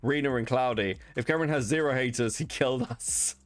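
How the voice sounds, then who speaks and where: A man's voice: mid-range voice, brisk, no room sound. A man hosting a livestream, reading messages aloud and reacting with profane disbelief. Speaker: streamer host.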